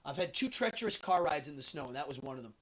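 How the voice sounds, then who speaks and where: A man's voice: fairly high pitch, expressive, fast, a bit bright. A man hosting a show, telling a travel story in a casual, rambling way with many fillers.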